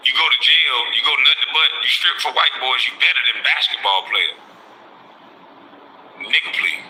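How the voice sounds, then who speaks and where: A man's voice: mid-range voice, lively intonation, moderate pace, pushed and bright, slight background noise, poor audio. A man giving reaction commentary, mocking and lecturing the person he reacts to.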